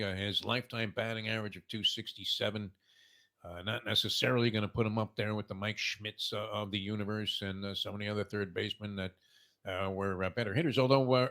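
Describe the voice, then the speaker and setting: A man's voice: on the low side, a bit bright. A man in his sixties hosting a morning talk show, telling long rambling stories full of "uh" fillers. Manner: rambling storyteller, heavy "uh" fillers. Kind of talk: casual sports talk.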